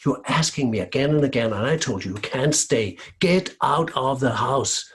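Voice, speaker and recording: A woman's voice: extremely low pitch, lively intonation, moderate pace, slightly rough, exaggerated voice. A man voicing a scolding, impatient lady of the house in a told folk tale. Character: shrill, scolding lady of the house, middle-aged.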